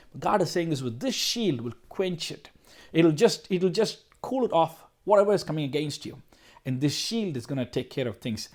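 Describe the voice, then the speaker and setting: A man preaching a short recorded sermon at home, fervent, repeating phrases, rising in bursts and then dropping low and slow.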